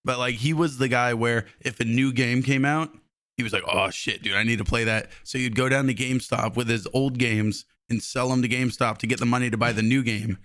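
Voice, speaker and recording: Young man, podcast co-host, bright tone, dry close sound, joking, swearing. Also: medium pitch, steady tone, fairly quick, dry recording. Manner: joking, swearing, laughs a lot. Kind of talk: casual chat.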